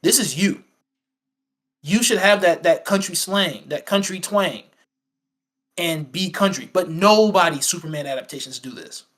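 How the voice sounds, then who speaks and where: A man's voice: sits high, a little slow, fairly bright tone. A man co-hosting a casual film review chat, rambling and acting out quoted lines with many fillers and restarts. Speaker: podcast co-host.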